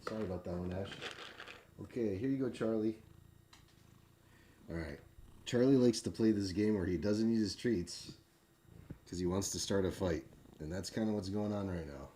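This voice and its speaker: A man's voice: on the low side, moderate pace, pauses often, warm tone, a little hiss or hum. A man at home feeding treats to his cats, chuckling often and talking to them in an affectionate, cooing baby-talk way. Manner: chuckles often between lines. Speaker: vlogger. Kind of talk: casual talk while feeding pets. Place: home indoors.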